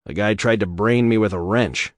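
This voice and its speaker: A man reading aloud, voicing a tough, sardonic male security chief with a gruff, wry delivery. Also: on the low side, normal speed, no echo, studio quality, lightly acted.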